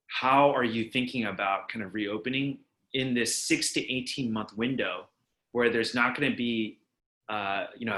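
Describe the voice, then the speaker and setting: Bright-voiced man pitching on a video call. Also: reverberant. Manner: fast, fluent pitch with frequent restarts. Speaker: startup founder and CEO.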